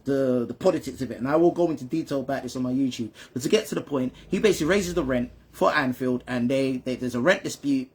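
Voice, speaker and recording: A man's voice: mid-range voice, fast talker, few pauses, breathy edge. A father telling his son football history in a casual chat, often checking in with "right?" and "you understand me?". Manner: repeats and restarts words when stumbling. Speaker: father and channel host.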